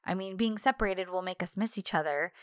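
A woman's voice: medium pitch, fairly quick, dry recording, studio quality. A woman in casual chat, recapping a TV series, laughing often and acting out the characters' lines. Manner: giggly, acts out characters' lines in animated bursts. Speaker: podcast co-host recapping a TV series.

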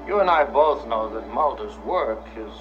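An actor playing a calm, cryptic older male government informant who speaks in a slow, measured, grave way. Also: mid-range voice, lo-fi sound, music in the background, close to an everyday voice.

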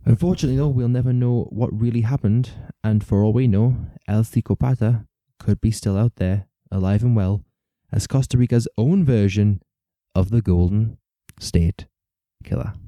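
A man's voice: fairly low pitch, normal speed, warm tone, no room sound. A man hosting a casual true-crime podcast, rambling along, laughing often and swearing now and then. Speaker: podcast host.

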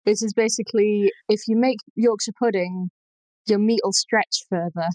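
A woman's voice: medium pitch, fairly even intonation, normal speed, a little mellow, no room sound, rough recording. A woman with a Lancashire accent explaining food history in a casual chat, thoughtful and full of ums. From Lancashire, England.

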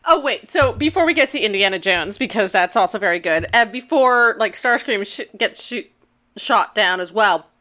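A woman's voice: medium pitch, expressive, moderate pace, sharp tone. A woman co-hosting a podcast, recapping an episode in a playful, joking way with many fillers. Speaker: podcast co-host.

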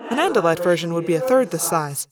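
A woman's voice: lowish voice, fast talker, a crowd in the background, close to an everyday voice. A woman doing a formal, polite young male alien. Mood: formal calm. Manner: formal, precise, even-toned.

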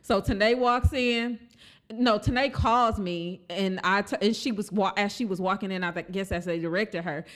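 A woman's voice: medium pitch, normal speed. A woman telling a family story in a casual chat, acting out the voices of the people in it and laughing often. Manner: animated, acts out quoted voices, laughs often.

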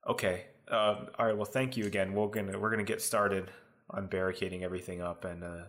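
Man doing a nervous townsman, deep-voiced, rambling. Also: level tone, a little fast, fairly bright tone. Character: worried small-town husband and father.

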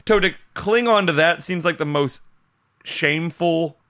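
A man co-hosting a podcast in casual chat, animated and swearing, acting out quotes as he talks. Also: a little high, unhurried. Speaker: podcast co-host.

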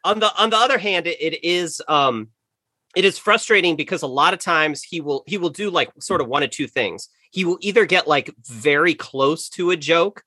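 Bright, forceful man chatting casually. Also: a little high, normal speed, no echo, studio quality. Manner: rambling, full of "like" and restarts. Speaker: podcast guest. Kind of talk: casual podcast chat.

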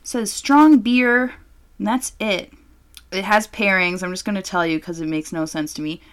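A woman's voice: mid-range voice, moderate pace. A young woman co-hosting a podcast, chatting casually in a brash, joking, profane way. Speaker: podcast co-host. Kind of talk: casual chat.

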